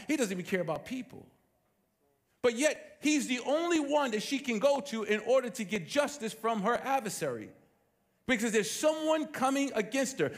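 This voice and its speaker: High-voiced gravelly male preacher. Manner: animated, emphatic, rhetorical questions. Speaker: pastor. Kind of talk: sermon.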